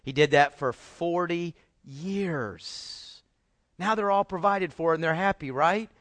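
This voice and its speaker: A man's voice: a little high, slow pace, fairly bright tone, no echo. A middle-aged man preaching a sermon as a pastor, emphatic and full of rhetorical questions to the congregation.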